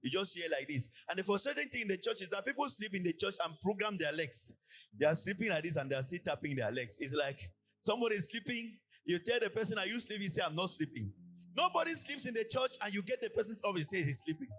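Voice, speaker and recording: A man from Cameroon preaches in a church, his high voice rising and falling in a sing-song cadence. He breaks into lively illustrative asides as he talks. Faint music plays softly behind him. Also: fast, husky. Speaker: pastor. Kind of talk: sermon.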